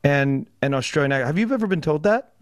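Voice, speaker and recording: A man's voice: fairly high pitch, lively intonation, fast talker, no room sound, studio quality. A man hosting an interview over a video call, asking curious questions in a conversational way and often repeating words as he starts. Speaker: podcast host.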